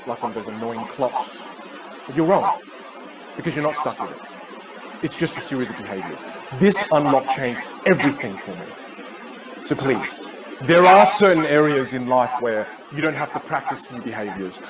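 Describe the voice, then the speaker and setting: An energetic man coaching from a stage, emphatic and playful, his pitch swinging in a lively way. A loud audience and heavy noise sit under his voice. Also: normal speed, crowd noise. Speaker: communication coach. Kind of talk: live motivational talk on stage.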